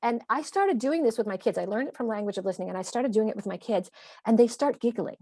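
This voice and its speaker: Woman, 30s, parenting coach guest; rapid delivery, gravelly edge, dry close sound. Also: on the high side, dry recording. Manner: animated, quick explaining with acted-out quotes. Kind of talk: conversational interview.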